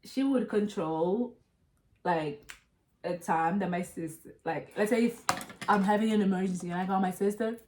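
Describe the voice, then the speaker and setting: A young woman telling a story in casual chat, animated and profane, calling her listeners "y'all". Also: medium pitch, normal speed, background noise. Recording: roomy echo.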